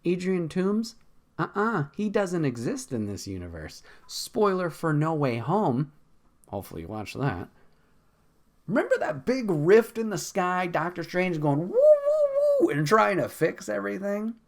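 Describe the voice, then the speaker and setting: A man's voice: high voice, very animated, normal speed. A man hosting a podcast in a casual, profane, exasperated rant, laughing often. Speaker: podcast host.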